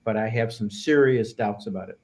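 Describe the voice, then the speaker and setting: A man's voice: lowish voice, brisk, creaky, over a noisy crowd. A man on a panel discussion, talking bluntly and indignantly about officials he feels escaped accountability. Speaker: attorney and panelist.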